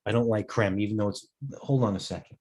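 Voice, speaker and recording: A middle-aged man with a fairly low voice, talking through live market commentary as a host. He rambles and digresses, often breaking off to answer viewers' questions. He sounds tired throughout. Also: steady tone, fast, darkish tone, a little hiss or hum. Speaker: host and stock broker.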